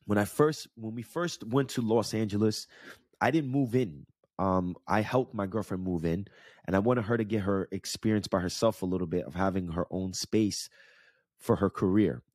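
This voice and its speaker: A man's voice: lowish voice, normal speed, a little mellow, no echo, studio quality. A man in his thirties with a New York area accent, telling a personal story in a candid, conversational way and checking in with the listener. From New York / New Jersey area. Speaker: podcast host and life coach. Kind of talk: casual storytelling monologue.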